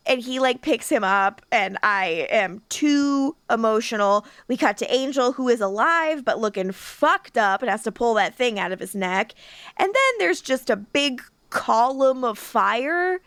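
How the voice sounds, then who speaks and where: A woman's voice: on the high side, lively intonation, unhurried, fairly bright tone, clean tone, no room sound. A woman co-hosting a casual podcast, recapping scenes with giggles and playful swearing. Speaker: podcast co-host. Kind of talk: casual rewatch podcast chat.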